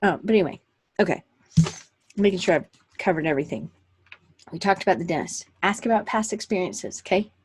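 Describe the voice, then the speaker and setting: Woman, host, casual live-stream chat, rambling, husky, low-pitched, computer mic. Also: animated, brisk, pauses often. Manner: chatty, rambling, with fillers and self-corrections. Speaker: host of a weekly online session for creatives.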